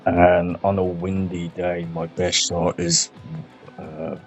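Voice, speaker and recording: Very deep, flat-voiced man. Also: slow pace. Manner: relaxed, swears freely, self-correcting. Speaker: gaming podcast host. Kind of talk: casual chat. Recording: muffled lo-fi sound, faint music.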